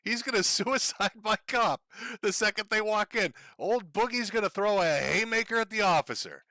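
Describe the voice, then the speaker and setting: Sarcastic, bright-voiced man hosting a stream. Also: sits high, expressive, normal speed, no room sound. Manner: sarcastic, laughing, profane. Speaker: stream host. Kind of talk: mocking live-stream commentary.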